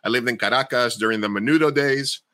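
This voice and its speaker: A man's voice: medium pitch, fast, pushed and bright, dry recording, soft background music. An older man co-hosting a casual interview over a video call, joking and rambling as he asks questions. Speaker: podcast co-host.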